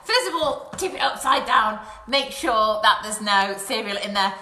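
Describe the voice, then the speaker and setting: A woman's voice: a little high, expressive, moderate pace, bright, forceful tone, slight background noise. Bubbly woman in an echoey room. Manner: chatty, apologetic and bubbly, addressing children. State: out of breath. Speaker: children's craft presenter. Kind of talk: live-streamed craft lesson for children. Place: home, indoors. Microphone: phone or webcam livestream.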